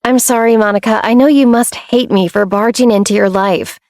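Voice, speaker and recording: A scheming young woman who hides her plotting behind a meek, sugary voice, read by a woman narrator. Her lines stay soft and falsely sweet, with a dry, close storybook sound. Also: fairly high pitch, fairly even intonation, a little fast, no echo, natural voice.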